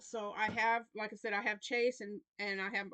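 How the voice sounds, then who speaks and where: Her voice is pushed and bright, medium in pitch and level in tone, at a moderate pace with no echo. This Southern American grandmother in her fifties, a crochet vlogger, chats to camera about her week, rambling and restarting along the way.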